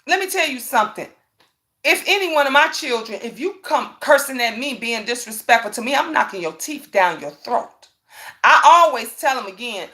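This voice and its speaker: A woman's voice: a little high, animated, normal speed, bright, forceful tone. A middle-aged mother, ranting to her viewers in a repetitive, preachy way and raising her voice to hammer points home. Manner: repetitive, preachy, raises voice for emphasis. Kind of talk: emphatic casual rant.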